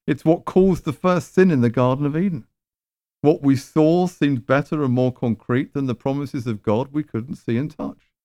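A man's voice: medium pitch, moderate pace, mellow, dry recording, studio quality. A man preaching a sermon in a conversational, emphatic way, with rhetorical questions.

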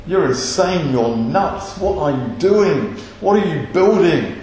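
A man's voice: a little high, expressive, slow, a little mellow, a little hiss or hum. Scoffing crowd of townsfolk, man doing them, mocking tone, echoey hall. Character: jeering crowd of ancient townspeople.

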